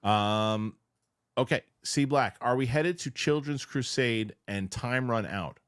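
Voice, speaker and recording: A man hosting a casual panel chat, reading viewer comments aloud in a chatty, animated way. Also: medium pitch, takes it slowly, clear, resonant tone, no room sound, clean studio sound.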